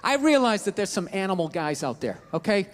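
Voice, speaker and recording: A man's voice: high-pitched, big pitch swings, fairly quick. A man doing stand-up comedy on a theater stage, ranting with lots of swearing and acting out both sides of arguments. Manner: ranting, profane, acts out quoted arguments. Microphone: stage microphone. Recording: echoey hall, faint hiss.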